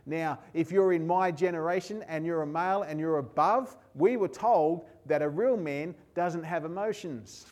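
A middle-aged man delivers a sermon in a fairly high voice. He preaches earnestly, stacking words into emphatic lists and circling back to short refrains. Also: moderate pace, few pauses, darkish tone. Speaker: pastor.

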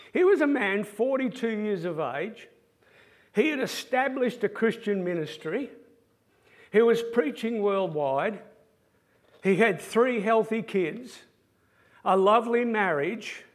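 A man, a former pastoral care pastor, telling stories in an animated sermon-style talk. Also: high-pitched. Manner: animated anecdotal storytelling.

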